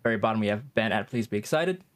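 A man's voice: fairly low pitch, expressive, fast, slight background noise. A man hosting a casual podcast, introducing each guest in turn, laughing easily. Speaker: host.

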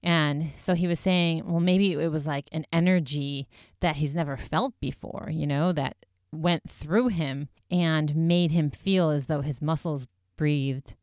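A young woman with a low, smooth voice talks through an episode recap in a chatty, animated way, full of "like" and "you know". The sound is close and dry. She retells things casually and keeps the story rolling. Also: measured pace, no echo. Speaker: podcast host recapping a show.

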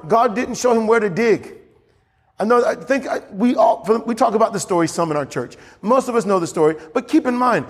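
A pastor preaching a sermon in a church, getting animated and climbing high as he acts out scripture. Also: brisk, big-room sound.

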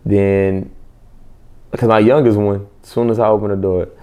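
A young adult man telling stories in a relaxed, casual chat as a podcast co-host, with many restarts. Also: fairly low pitch, moderate pace, a little hiss or hum. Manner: storytelling, loose and laid-back with restarts.

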